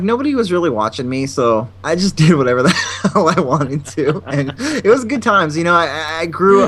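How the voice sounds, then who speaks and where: A man hosting a casual podcast, telling stories and acting out the people in them. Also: fairly high pitch. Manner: animated storyteller, acting out quotes. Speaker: podcast host. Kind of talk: casual chat.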